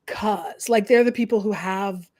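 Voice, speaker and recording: A woman's voice: medium pitch, unhurried. A middle-aged woman from the Canadian prairies, hosting a casual chat and acting out little quoted voices as she talks. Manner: animated, acts out quoted voices. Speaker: host.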